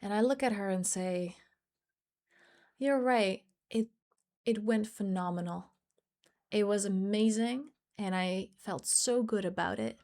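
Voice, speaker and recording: A woman's voice: medium pitch, measured pace, pauses often, darkish tone. Earnest woman life coach. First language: not English. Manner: earnest, storytelling with quoted dialogue. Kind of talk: motivational talk to camera.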